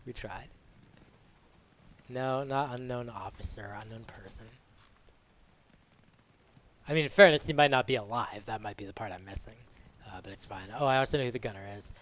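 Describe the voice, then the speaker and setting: A man streaming a game live, musing aloud in a relaxed, unhurried way as he works things out. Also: lowish voice.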